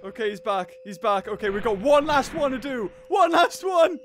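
A man commentating a horror video game, jumpy and loud, yelping, laughing and talking to the characters. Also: very high voice, lively intonation, normal speed, music in the background. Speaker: gaming video host.

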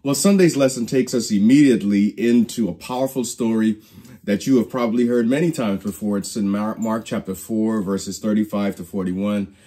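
Male Bible teacher, preacherly storyteller, dark and slightly husky, restarts phrases. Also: lowish voice, moderate pace. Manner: preacherly storytelling, acts out quoted lines. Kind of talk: Bible study lesson.

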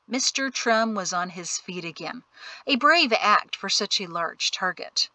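Bright-voiced woman narrating an audiobook. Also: medium pitch, expressive, a little slow, dry recording, low-quality recording. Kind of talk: scripted narration.

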